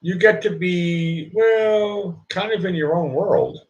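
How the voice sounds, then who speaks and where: A man's voice: high-pitched, slow, dull audio, a little hiss or hum. A man hosting his own live show, talking in a rambling comic monologue that keeps looping back on itself and restarting. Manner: rambling, keeps repeating "look", stops and restarts.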